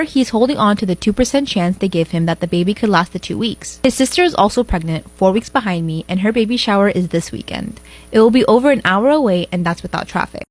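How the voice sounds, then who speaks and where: A woman reading out a personal forum story in a flat, quick recital. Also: medium pitch. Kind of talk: rapid scripted narration.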